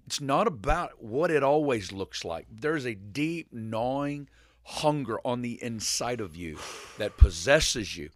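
Animated man telling a faith story. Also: mid-range voice, measured pace. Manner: animated storyteller, rambling with restarts. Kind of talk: casual faith conversation, retelling a story.

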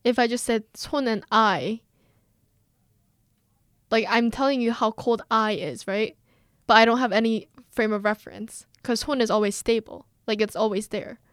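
A woman co-hosts a podcast in relaxed, joking chat. Her voice sits fairly high, and she often asks questions and laughs. The recording is dry and close. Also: moderate pace, no room sound. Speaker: podcast co-host. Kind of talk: casual chat.

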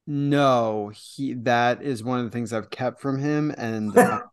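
A man's voice: mid-range voice, takes it slowly, clear, resonant tone, no echo, clean studio sound. A man co-hosting a podcast in casual chat, talking in a self-deprecating and teasing way. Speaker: podcast co-host.

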